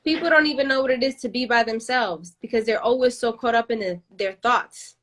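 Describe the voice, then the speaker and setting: A woman's voice: fairly high pitch, brisk, fairly bright tone. Passionate rambling woman host. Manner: passionate, rambling, many restarts. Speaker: podcast host. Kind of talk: casual podcast conversation.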